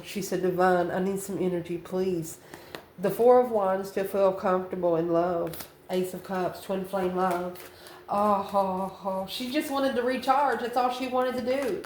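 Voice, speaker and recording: A woman reading tarot cards in a loose, chatty way, calling the listener honey and laughing between cards. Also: medium pitch. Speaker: tarot reader. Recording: roomy echo, faint ambient noise.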